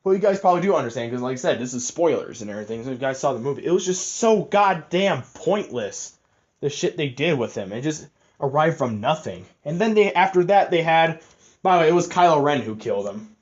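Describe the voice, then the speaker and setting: A man's voice: fairly high pitch, big pitch swings, fairly quick. A young man giving a rambling, profane, casual film review, full of fillers and restarts. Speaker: movie reviewer. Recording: slightly muffled lo-fi audio.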